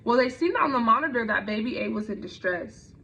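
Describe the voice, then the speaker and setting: A woman's voice: on the high side, lively intonation, fairly quick, bright, forceful tone. A young woman telling a personal story in a conversational way, with frequent fillers and restarts. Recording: dull lo-fi recording.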